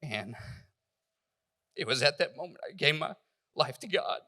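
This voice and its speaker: Man, bright tense voice, halting emotional testimony, stumbling restarts. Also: a little high, expressive, big-room sound. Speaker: church member giving testimony. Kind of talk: personal testimony.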